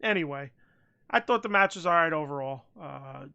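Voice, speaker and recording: A man's voice: on the high side, expressive, normal speed, gravelly, sharp tone, clear, resonant tone, highs cut off. A man co-hosting a wrestling podcast, talking bluntly in casual chat, swearing freely and restarting his sentences. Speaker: podcast co-host.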